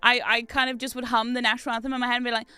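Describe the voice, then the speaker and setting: A woman's voice: on the high side, little pitch movement, racing, bright, forceful tone, smooth, no room sound. A woman streaming a game, telling stories in a chatty, self-mocking way with frequent laughs. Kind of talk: casual chat while gaming.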